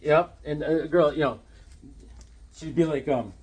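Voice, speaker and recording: A man in his fifties showing off his comic books in a casual joking vlog, acting out voices with sudden loud outbursts. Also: a little high, a little slow, husky.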